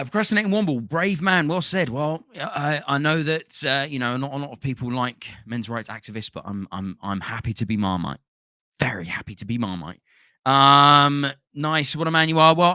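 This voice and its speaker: Male podcast host, bright tone, loose casual chat, dry recording. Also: medium pitch, dry recording. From London, England. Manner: chatty, swears freely, thanks viewers by name. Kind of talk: casual live-stream chat reading comments.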